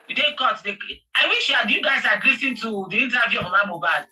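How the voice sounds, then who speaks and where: Nigerian woman host, impassioned talk-show rant, bright edgy tone, a little off-mic. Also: fairly high pitch, expressive, fast talker, few pauses, far from the mic, rough recording. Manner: passionate, shouting, emphatic repetition. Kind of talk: heated commentary chat.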